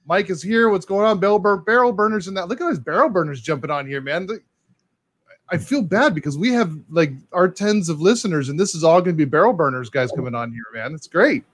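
Excitable chatty man, slightly high voice. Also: fairly quick, no room sound. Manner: excitable, chatty, says "dude" and "man" a lot. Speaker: co-host reading live comments. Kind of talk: casual live-stream chat.

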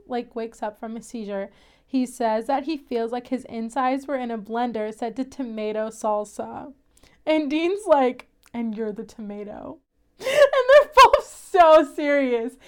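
A woman's voice: high-pitched, clear, resonant tone. A young woman hosting a casual, chatty recap of a TV episode, laughing often as she talks. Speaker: podcast host.

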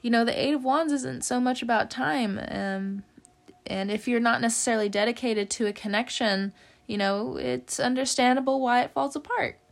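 A woman with a slightly high voice talks through a casual tarot reading. She is chatty and loose, leans on "you know" fillers, laughs often and swears casually. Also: moderate pace, gravelly. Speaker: tarot reader.

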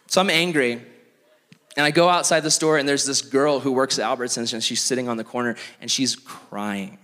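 A young man preaching as a youth pastor, telling stories in an animated, self-mocking way full of "like". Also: mid-range voice, moderate pace. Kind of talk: storytelling sermon. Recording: long reverb of a large hall.

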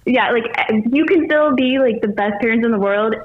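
A woman's voice: fairly high pitch, moderate pace. A middle-aged woman, a podcast guest, chatting casually with many filler words. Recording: tinny phone-line sound.

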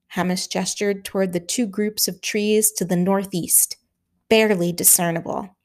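A woman reading a war novel aloud in measured, dramatic narration. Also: medium pitch, fairly even intonation, darkish tone. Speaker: audiobook narrator. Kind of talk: scripted narration.

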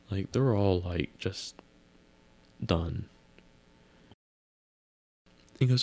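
A man's voice: lowish voice, animated, slow, mellow. A man casually recapping a TV episode, rambling with wry asides and musing questions.

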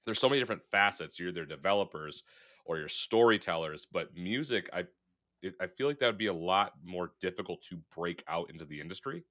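Low-voiced, bright podcast host from Michigan. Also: male voice, animated, fairly quick. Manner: laid-back, profane, tells anecdotes with acted-out quotes. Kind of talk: casual podcast interview.

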